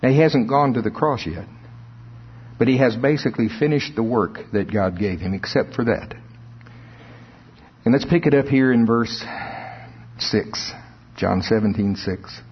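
A preacher man delivering a sermon in a long-echoing church hall. His voice is slightly husky, and the lo-fi recording dulls it a little. He pushes into emphatic high swells and chuckles between his points. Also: measured pace, pauses often.

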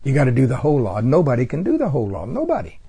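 Man, preacher, sermon, fervent, husky, mellow tone, loud-to-soft delivery. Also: mid-range voice, wildly swooping pitch, rapid-fire. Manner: fervent, exclaiming praise, swinging between loud emphasis and quiet asides.

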